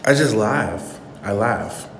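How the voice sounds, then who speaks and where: A man's voice: lowish voice, lively intonation, slow, fairly bright tone, reverberant, long reverb tail, a little hiss or hum. A man hosting his channel, giving an earnest, indignant commentary on a clip he played and repeating his points for emphasis. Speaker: channel host.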